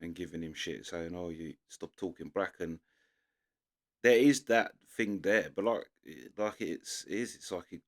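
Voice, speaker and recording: Speaking a little slowly in a low voice, this young man from London rambles casually through reaction-video commentary, restarting often and using plenty of fillers.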